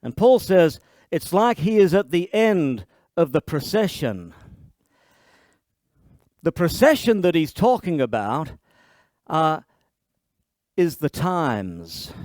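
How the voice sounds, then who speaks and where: A man preaching a sermon as pastor, explaining lively and playfully, often restarting his sentences. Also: a little high, slow, long pauses, no echo, clean studio sound.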